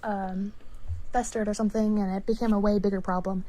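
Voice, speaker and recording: A woman's voice: mid-range voice, flat delivery, fairly quick, warm tone, rough recording. A young woman telling a personal story on a stream, hesitant and full of fillers. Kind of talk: casual storytelling.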